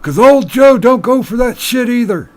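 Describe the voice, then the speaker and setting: A man voicing a sly old male bartender in a told joke, speaking in a slow, raised drawl. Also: extremely high pitch, animated, pitched above the performer's own voice.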